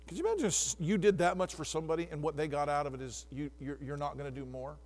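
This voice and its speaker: Male preacher, high-pitched, dramatic, moves from near-whisper to shouting, long room reverb. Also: expressive, quick pace. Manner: addresses congregants by name, swings from hushed to shouting. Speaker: pastor. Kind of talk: sermon.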